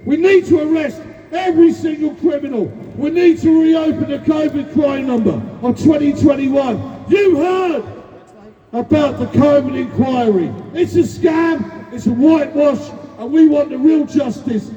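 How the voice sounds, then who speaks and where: A man shouting a ranting protest speech, heard distant and echoey through a dull lo-fi recording. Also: very high voice, unhurried. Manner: ranting, shouting, emphatic repetition. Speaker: protest speaker. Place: outdoor street protest.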